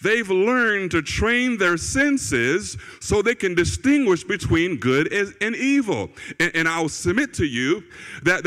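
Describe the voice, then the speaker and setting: A man's voice: high-pitched, fairly bright tone. A man, a pastor, preaching a sermon in a church in a conversational way, repeating phrases for emphasis and often checking in with "right?" or "okay?". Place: church sanctuary. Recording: long reverb of a church hall.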